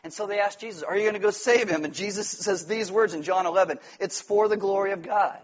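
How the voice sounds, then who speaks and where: A male pastor, around his forties, preaching an animated, joking sermon and acting out quotes in loud put-on voices. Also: high-pitched, quick pace. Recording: dull lo-fi sound.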